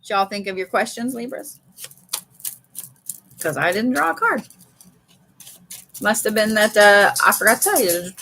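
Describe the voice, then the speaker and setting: A woman's voice: mid-range voice, big pitch swings, unhurried, pauses often, sharp tone, slight background noise. A woman giving a casual live card reading from home, chatty and swearing freely. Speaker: live tarot reader. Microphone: streaming setup.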